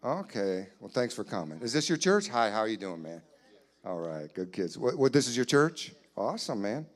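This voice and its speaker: A man doing comedy crowd work in a church hall, teasing audience members in quick banter. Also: on the low side, big pitch swings. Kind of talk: live stand-up crowd work.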